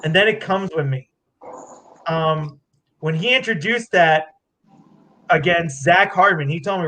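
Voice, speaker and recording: A man accepting an award, his voice sitting a bit high. He talks emotionally, close to tears, stopping and restarting his sentences. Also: a little slow, long pauses, pushed and bright, a little hiss or hum. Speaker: award winner, fighter.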